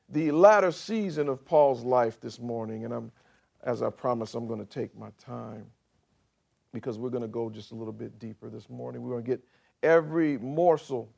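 A middle-aged male pastor preaching a sermon, slow and emphatic, swinging from quiet to loud for effect. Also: mid-range voice, gravelly.

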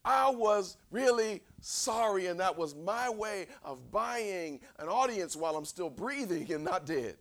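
Male preacher, high and lively voice, swings between hushed asides and shouted points. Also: a little slow, hardly any pauses. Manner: conversational, repeats words for emphasis. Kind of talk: sermon.

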